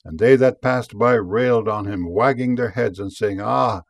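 A man reading scripture aloud in a solemn, measured way, slowing down on the cries of "Ah". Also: lowish voice, gravelly. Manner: solemn, slow on each "Ah, Lord God".

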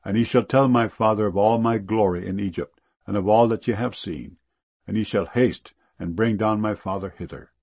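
Earnest, commanding ruler read by a man, deep gravelly voice, solemn scripture reading. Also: moderate pace, darkish tone, dry recording. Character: powerful man revealing himself to his brothers.

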